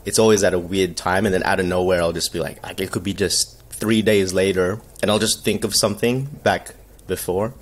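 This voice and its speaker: A man in easygoing podcast talk with friends. His voice sits low, and his sentences wander. He often breaks into laughter midway through a story. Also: steady tone, brisk. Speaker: podcast co-host. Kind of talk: casual chat.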